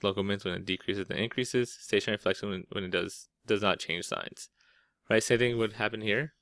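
A man's voice: fairly low pitch, fairly bright tone, no echo, clean studio sound. A man teaching a math lesson, explaining step by step in a casual way and often checking in with "right?". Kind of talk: classroom lecture.

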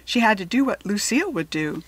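A woman with a mid-range, husky voice reads a children's chapter book aloud in a gentle, sing-song way, going a little fast. Now and then she slips into soft whispered asides, and the recording is dry.

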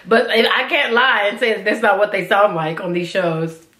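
A woman's voice: medium pitch, normal speed, a bit bright, reverberant. An American woman hosting a reaction video, chatting casually with lots of fillers and giggles. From United States.

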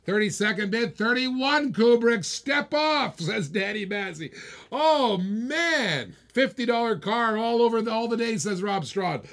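Guy running a live online auction, fast teasing patter, kinda high voice. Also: lively intonation, fairly bright tone. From Australia. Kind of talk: live-stream auction commentary.

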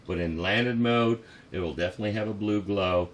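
Male model builder, deep and measured, talking through his work over faint background noise. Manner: thinks aloud, measured. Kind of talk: explaining a build in progress.

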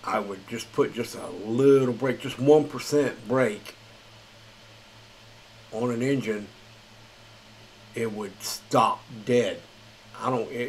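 A man's voice: medium pitch, slight background noise, poor audio. A man hosting a gaming channel, reading patch notes in a tired, rambling, casual way. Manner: rambling, filler-heavy, chuckles at himself. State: tired late at night.

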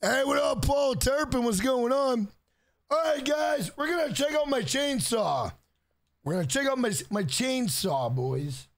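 A man streaming a game live, loud and profane, joking around, greeting viewers by name and breaking into shouted rhyming bits. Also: very high-pitched, animated, unhurried, no echo.

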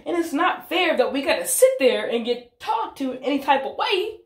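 A woman's voice: high voice, very animated, moderate pace. A young adult woman chatting casually to her phone camera, swearing freely as she talks. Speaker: vlogger. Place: bathroom. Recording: echoey bathroom.

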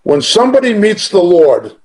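Emphatic male preacher, fairly high voice. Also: very animated, normal speed, a little mellow, rough recording. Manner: emphatic, conversational preaching with personal testimony. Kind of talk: sermon.

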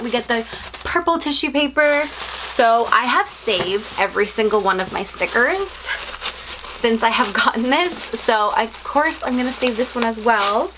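A woman's voice: fairly high pitch, noisy background. A young woman from outside the US doing a casual unboxing video, gushing, gasping and squealing over each item. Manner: gushing, gasps and squeals often. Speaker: unboxing vlogger. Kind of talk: excited casual unboxing chat.

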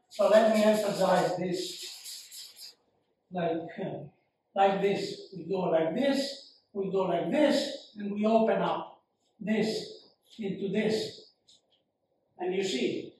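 A man giving a university lecture, slow and halting, with frequent fillers and repeated phrases. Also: sits high, steady tone, darkish tone, a little hiss or hum. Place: lecture hall. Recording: very echoey room, mic far off.

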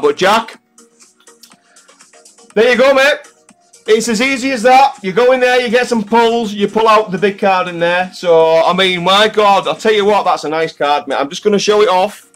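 A man's voice: high voice, a bit bright. Chatty man calling everyone mate. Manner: chatty, calls everyone mate, swears casually. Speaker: live-stream card-pull host. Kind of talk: casual live-stream chat. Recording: faint music in the background.

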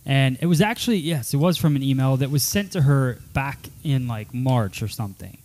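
A man's voice: mid-range voice, lively intonation, fairly quick, a little mellow. A man hosting a casual hair-salon talk show, chatting in a rambling, upbeat way with many fillers. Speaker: podcast host. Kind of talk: casual chat.

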